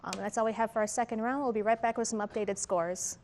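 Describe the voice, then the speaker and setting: A woman moderating a quiz competition, reading questions and rulings in a measured, formal way with an occasional "um". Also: on the high side, steady tone, a little mellow, slight background noise.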